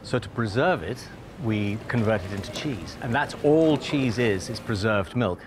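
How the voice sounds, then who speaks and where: A man's voice: lowish voice, animated, normal speed, noisy background. A man working as a cheesemaker, explaining how his family began making cheese, in a matter-of-fact way. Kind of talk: interview answers.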